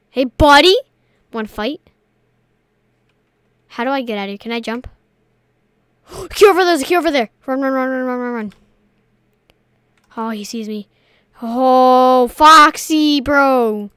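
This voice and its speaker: A young woman commentating a horror game as she plays, excitable and easily scared, shrieking at frights and dropping to whispers. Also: high-pitched, moderate pace, pauses often, clean tone, no room sound. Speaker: gaming video creator. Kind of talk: let's play commentary.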